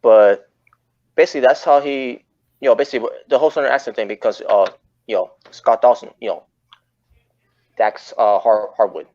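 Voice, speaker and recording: A man's voice: mid-range voice, normal speed, long pauses, a little mellow. A man hosting a casual wrestling chat podcast, rambling and often correcting himself mid-sentence. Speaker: podcast host. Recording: muffled lo-fi audio.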